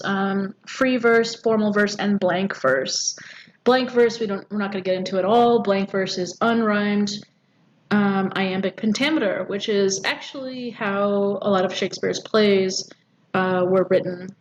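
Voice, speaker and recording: A woman teaching a poetry lesson, explaining step by step with frequent ums and rhetorical questions. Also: medium pitch. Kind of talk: recorded poetry lecture. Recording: dull audio with faint background noise.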